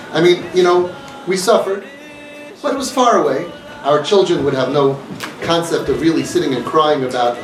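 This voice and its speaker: A man giving an impassioned talk to a live audience, mixing in Yiddish and Hebrew words. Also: high voice. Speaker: speaker of a community organization. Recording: echoey room, mic from a distance.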